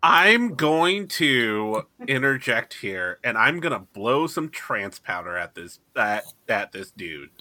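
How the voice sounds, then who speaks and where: A player at a tabletop game who talks with lots of laughs and an animated swing in his voice. The tone is bright and crisp. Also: medium pitch, takes it slowly, hardly any pauses. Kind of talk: casual tabletop game play.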